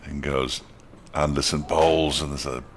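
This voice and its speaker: A man in middle age commentates on cricket ball by ball, his voice sitting extremely low. He slips in dry, wry remarks between deliveries, over faint ambience from the ground. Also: fairly even intonation, unhurried, a little hiss or hum.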